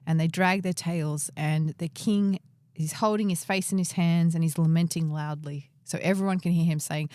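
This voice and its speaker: Low-voiced woman co-hosting a podcast. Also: steady tone, moderate pace, mellow, dry recording, studio quality. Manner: retells the story conversationally, asks her co-host questions. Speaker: podcast co-host. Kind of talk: casual Bible discussion.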